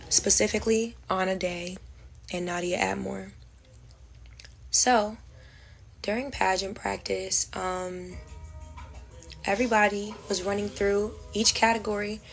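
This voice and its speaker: A woman's voice: medium pitch, poor audio. Young woman telling a storytime vlog. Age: young adult. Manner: detailed, measured recounting with quoted dialogue. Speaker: vlogger. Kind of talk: storytime monologue.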